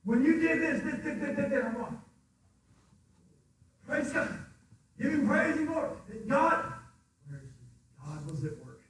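A man preaching a fervent sermon, swinging between quiet asides and shouted praise, recorded from afar in a church hall. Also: extremely high pitch, lively intonation, a little slow, long pauses, a little hiss or hum. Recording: echoey hall from far off.

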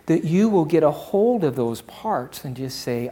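A man preaching a sermon, swinging from loud impassioned declarations to hushed, almost whispered appeals. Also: fairly high pitch, fairly quick, hardly any pauses. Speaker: pastor.

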